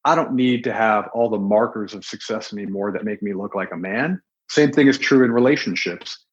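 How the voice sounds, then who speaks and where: A man's voice: on the low side, fairly quick, breathy edge, muffled recording. A man in his late thirties, a podcast guest, speaking in an earnest, thoughtful way. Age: 30s. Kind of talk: reflective interview talk.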